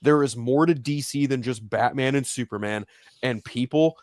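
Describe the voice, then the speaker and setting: A man's voice: mid-range voice, normal speed, no echo, clean studio sound. A man ranting in a heated, profane casual chat on a live stream, mocking fans. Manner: ranting, profane, mocks fans in whiny shouts. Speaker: podcast co-host.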